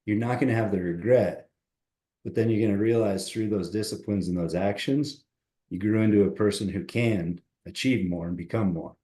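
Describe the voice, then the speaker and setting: A man's voice: lowish voice, normal speed. Upbeat man in an echoey room. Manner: upbeat, counts push-ups loudly and out of breath. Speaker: podcast guest, motivational coach. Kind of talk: casual podcast chat.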